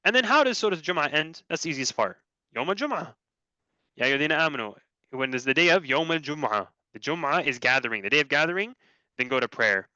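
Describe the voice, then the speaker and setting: A man giving a religious lesson, reciting short Arabic verses and explaining them in English with lively shifts. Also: on the high side, dry recording. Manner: animated, quickly switching between recited Arabic and English explanation. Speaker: Islamic teacher presenting on Quran structure. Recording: dry, dull lo-fi recording.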